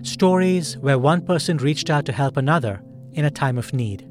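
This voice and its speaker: A man hosting a podcast, delivering scripted narration in a measured, calm storytelling manner. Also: fairly high pitch, faint music behind. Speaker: podcast host.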